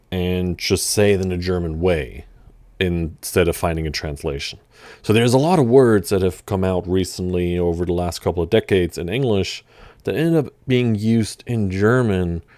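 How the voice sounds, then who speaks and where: A man giving a relaxed, chatty language lesson, with fillers and restarts. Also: sits low, moderate pace, no room sound. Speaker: language teacher. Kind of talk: casual vocabulary lesson.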